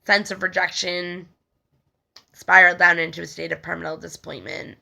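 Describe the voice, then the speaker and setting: A woman's voice: fairly low pitch, little pitch movement, normal speed, creaky, sharp tone. A young woman reading a spiritual text aloud and talking casually about it, rambling with many fillers and stumbling over words. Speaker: spiritual healing video host.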